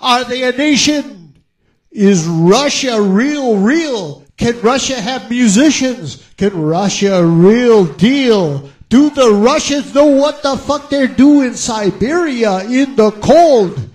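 High-voiced man ranting slowly and profanely. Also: expressive, a little mellow. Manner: mocking, drawn-out repeated questions. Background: faint guitar playing.

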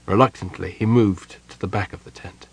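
A man narrating an audiobook in a measured, quiet way. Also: sits low, steady tone, gravelly, slightly rough, poor audio.

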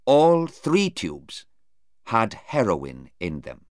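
Very slow, careful male storyteller. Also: low-pitched, big pitch swings, dry recording, clean studio sound. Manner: very slow, clear and careful reading. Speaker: narrator. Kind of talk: slow graded-reader narration.

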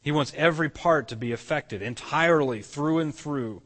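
A man's voice: on the high side, moderate pace, a bit bright, long reverb tail. A man preaching a sermon as pastor, earnest, often restarting and repeating words as he explains. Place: church sanctuary.

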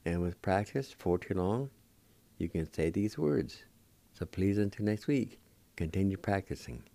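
A man's voice: low voice, big pitch swings, mellow. A middle-aged man, patiently teaching words on the radio. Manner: patient, deliberate, repeats words slowly. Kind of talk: slow language lesson, spelling and pronouncing words.

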